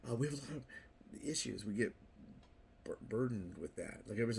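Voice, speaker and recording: A man's voice: fairly low pitch, fast, gravelly, darkish tone, slight background noise. An older man talking casually to camera as a vlogger, rambling and repeating himself, playfully acting out little quoted voices. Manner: rambling, repeats words and restarts often. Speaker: YouTube vlogger.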